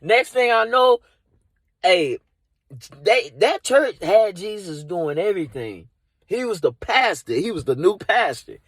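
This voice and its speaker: A man's voice: high voice, sing-song, measured pace, fairly bright tone, slightly rough, no echo. A man doing improvised comedy from inside a car, rambling and leaning on "you know" and "like". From Dallas area.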